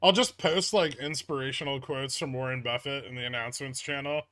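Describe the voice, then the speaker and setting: Bright-voiced man hosting a casual stream. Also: mid-range voice, fairly quick. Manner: reads chat messages aloud, then answers in a relaxed, rambling way. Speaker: livestream host reading chat. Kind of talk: casual stock-market livestream chat.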